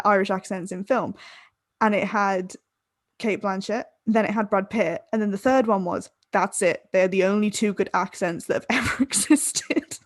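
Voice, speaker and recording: A woman's voice: mid-range voice, no echo. Woman co-host, a bit tipsy, giggly ramble, dry close mic. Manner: rambling, laughs mid-sentence. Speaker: podcast co-host. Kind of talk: casual chat.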